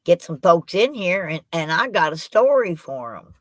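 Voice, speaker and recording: A woman's voice: on the low side, sing-song, normal speed, dry recording. A woman hosting a casual live stream. She rambles in a folksy way and talks straight to her chat from a laptop at home. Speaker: livestream host. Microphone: laptop microphone.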